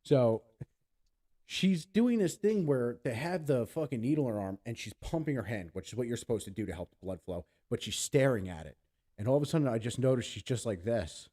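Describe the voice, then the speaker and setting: A man from Pennsylvania tells a long, loose story on a casual podcast, swearing freely and slipping into voices for the people in it. His voice is mellow and dark, at an ordinary pitch. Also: expressive, a little fast. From Pennsylvania, USA. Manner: rambling, profane, acts out voices in his stories. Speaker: podcast co-host.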